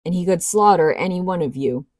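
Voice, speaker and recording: A woman's voice: fairly low pitch, expressive, fairly quick, a little mellow, no room sound, studio quality, lightly acted. A woman voicing a defiant young woman rebel who taunts coolly. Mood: taunting. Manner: cool, taunting.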